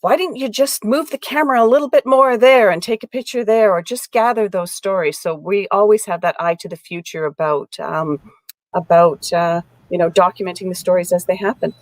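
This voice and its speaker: A woman's voice: medium pitch, brisk, no room sound. A woman museum curator on an online panel, speaking reflectively. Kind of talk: panel discussion.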